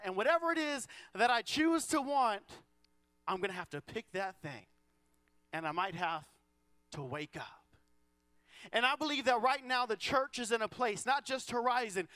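A man's voice: very high voice, bright, forceful tone, no room sound. A man preaching a sermon, a joking, self-deprecating pastor who acts out the voices in his stories. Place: church auditorium.

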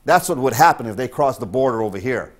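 A man's voice: mid-range voice, animated, fast talker. A man from northern Maine preaching a sermon as pastor, emphatic and repeating his points for stress.

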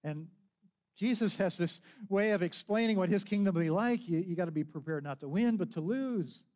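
A man's voice: sits high, moderate pace, darkish tone. A man preaching a sermon as pastor, telling a story conversationally, with frequent restarts and acted-out quotes.

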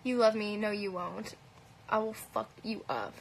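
A woman's voice: mid-range voice, fairly even intonation, a little slow, vocal fry, breathy edge, low-quality recording. A woman with a light Canadian accent chatting casually on a phone livestream, answering comments in a blunt, profane way with plenty of "um"s and "like"s. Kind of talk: casual live Q&A chat. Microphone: phone held at arm's length.

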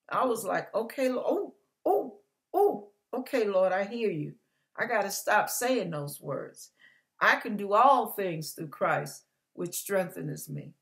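A woman's voice: mid-range voice, bright, forceful tone. An older woman pastor giving an online church sermon, earnest and conversational, building to emphatic repetition.

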